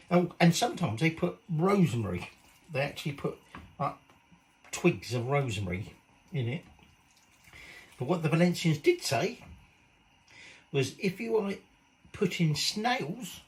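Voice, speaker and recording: A man's voice: on the high side, low-quality recording. A man chatting cheekily while cooking in his home kitchen, swearing casually as he goes. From Britain.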